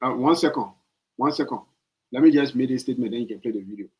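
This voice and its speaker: A man's voice: mid-range voice, fast, darkish tone, poor audio. A man with a Liberian accent hosting a podcast, giving opinionated political commentary with emphatic repetition and rhetorical questions. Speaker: podcast host.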